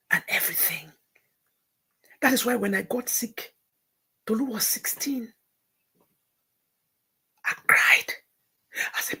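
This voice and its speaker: A middle-aged woman, hosting a livestream and telling a personal story, moving between hushed near-whispers and tearful outbursts. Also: on the high side, slow, long pauses. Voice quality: gravelly, very husky voice. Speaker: livestream host.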